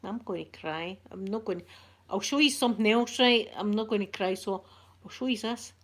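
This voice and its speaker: Chatty Scottish woman, soft-spoken. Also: mid-range voice, fairly quick. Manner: chatty, rambling, laughs often, local words like wee and yous. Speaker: ASMR channel host.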